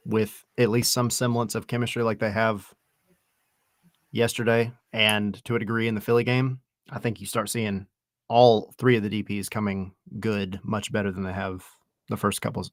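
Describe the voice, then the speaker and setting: Low-voiced male co-host, casual and persuasive, dry close mic over faint music. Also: flat delivery, normal speed, dry recording. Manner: argues his point with stats. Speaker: podcast co-host. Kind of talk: casual podcast chat.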